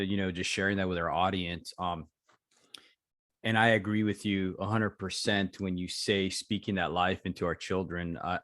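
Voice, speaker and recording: A man hosting a podcast who speaks in a soft, affirming way with casual fillers. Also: low voice, no room sound, clean studio sound. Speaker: podcast host. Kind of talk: casual interview chat.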